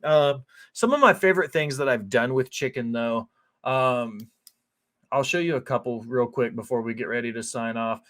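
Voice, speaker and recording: Here a male chef talks through his cooking footage in a rambling, foul-mouthed way, leaning heavily on "like" and "um." His voice is medium-pitched and fairly bright, at a normal pace.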